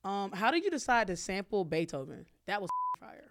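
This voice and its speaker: A young woman hosting a podcast in casual chat, blunt and quick to swear. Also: mid-range voice, very animated, noisy background. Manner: blunt, swears freely, reads questions off a script. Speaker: podcast host.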